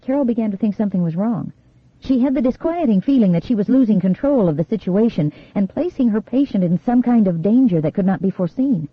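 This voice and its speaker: A woman narrating an audiobook in a measured, suspenseful reading. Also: medium pitch, no room sound, muffled recording.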